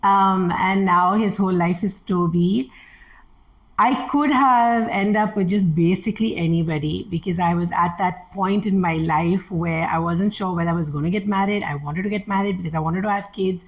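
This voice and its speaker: Her voice sits fairly low and keeps a moderate pace as this middle-aged interview guest tells frank stories about her family. She's animated, performing the lines she quotes, though the recording is low quality.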